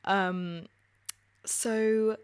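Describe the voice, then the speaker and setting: A woman's voice: mid-range voice, fairly even intonation, extremely slow, smooth. A young woman in her twenties with a posh English accent, co-hosting a podcast and telling stories in a chatty way with frequent laughs. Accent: posh southern English. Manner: chatty storyteller, laughs often, swears casually. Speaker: podcast co-host. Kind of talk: casual chat.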